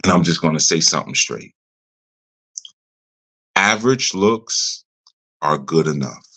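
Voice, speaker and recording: A man's voice: rumbling low, animated, a little slow, sharp tone, breathy edge. A middle-aged man teaching a ministry audience in a direct, conversational way, repeating his points for emphasis. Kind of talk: informal teaching talk.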